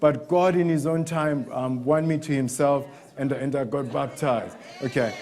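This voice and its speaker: A middle-aged man from Zimbabwe preaching a sermon as a personal testimony, candid and halting, often restarting and acting out the voices of others. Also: mid-range voice, darkish tone.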